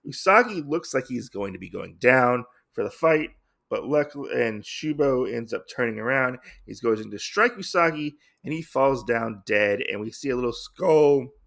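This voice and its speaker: Gravelly man recapping a comic. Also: mid-range voice, a bit bright. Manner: rambling, heavy on fillers. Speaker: comic podcast host.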